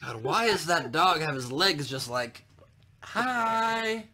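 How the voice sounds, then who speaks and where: A man's voice: fairly high pitch, lively intonation, normal speed, pushed and bright. A man hosting a comedy show over a video call, teasing and introducing guests with jokes. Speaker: podcast host. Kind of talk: casual comedic banter.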